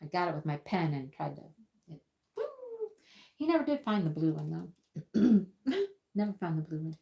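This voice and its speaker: A woman's voice: deep voice, expressive, a little fast, vocal fry, mellow. A woman hosting a casual livestream from her crafting table at home, chatting in a rambling way and often repeating her words. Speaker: livestream host. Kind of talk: casual live-stream chat while crafting.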